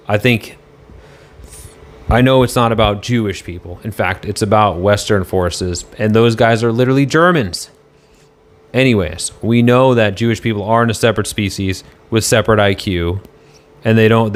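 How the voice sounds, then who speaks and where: A man on a casual live stream, answering chat in a rambling, argumentative way and swearing now and then. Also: on the low side.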